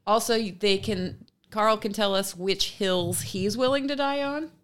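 A woman co-hosts a casual podcast, agreeable and quick to back her partner with short affirmations. Her voice is smooth and clear at a middle pitch. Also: a bit bright. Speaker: podcast co-host.

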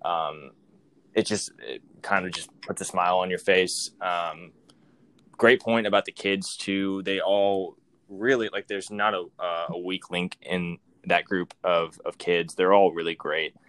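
A man's voice: low-pitched, steady tone, measured pace, fairly bright tone. A man co-hosting a podcast in casual chat, rambling and swearing freely with easy laughs. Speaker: podcast co-host.

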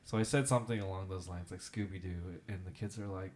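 A man co-hosting a casual podcast, a teacher who tells animated stories, acts out quotes and talks with many fillers. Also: deep voice, fast. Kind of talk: casual chat.

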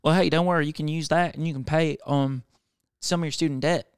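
A young adult man, a comedian, riffing in a casual rambling monologue, swearing often and slipping into quick voices of other people. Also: a little high, steady tone, clear, resonant tone, no echo, clean studio sound.

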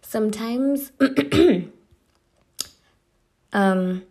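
A young woman hosting a casual solo podcast, chatty and emotional and quick to laugh. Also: on the high side, dark tone. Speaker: podcast host.

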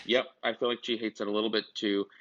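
A man's voice: on the low side, level tone, fast talker, fairly bright tone. A man co-hosting a podcast in casual chat, rambling with many restarts and asides. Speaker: podcast co-host. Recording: dull lo-fi sound.

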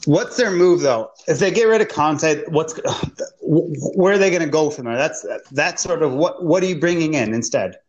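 A man hosting a football talk show, laying out his view in a measured way with frequent fillers. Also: a little high, expressive, dull audio. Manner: measured, hesitant, many fillers. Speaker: sports talk show host. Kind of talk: hosting a sports discussion.

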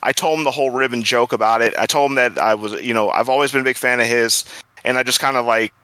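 A man with a bright, forceful voice telling stories on a casual gaming podcast, animated and quick to laugh. The sound is close and dry, with no room around it. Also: mid-range voice, no room sound, low-quality recording. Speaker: podcast guest. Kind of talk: casual storytelling.

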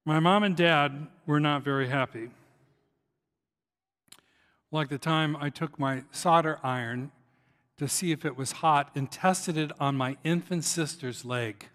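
A middle-aged man delivers a sermon in a slightly higher voice, swelling loud as he tells stories and sinking quiet for emphasis. His words ring out with a long reverb from a big hall. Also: unhurried. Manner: storytelling, rising loud on anecdotes and dropping soft on key points. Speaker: preacher.

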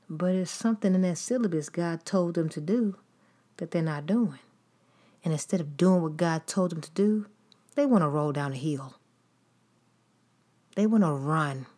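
A woman's voice: lowish voice, darkish tone, husky. A woman preaching a sermon in an emphatic, repetitive style, building points through long lists.

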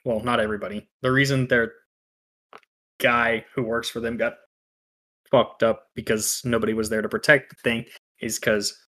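A man's voice: mid-range voice, little pitch movement, normal speed, bright, forceful tone. Laid-back man in a casual podcast chat. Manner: laid-back, swears freely, drawls and trails off. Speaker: podcast co-host.

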